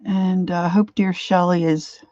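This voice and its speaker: Older woman, host of an art livestream. Chatty and warm toward viewers, greets each by name. Slightly muffled, dry computer-mic sound. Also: on the low side, level tone, unhurried, no echo. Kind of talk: casual livestream chat. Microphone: computer mic, set far from her face.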